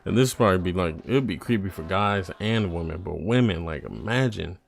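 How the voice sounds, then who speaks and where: A man's voice: low voice, expressive, a little fast, gravelly. A man streaming and reacting to videos in a casual, profane, rambling way.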